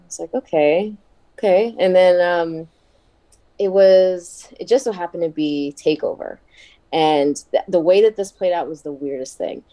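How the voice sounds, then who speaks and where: Woman, 30s, podcast guest; low mellow voice, chatty storyteller who laughs often. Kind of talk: casual podcast interview storytelling.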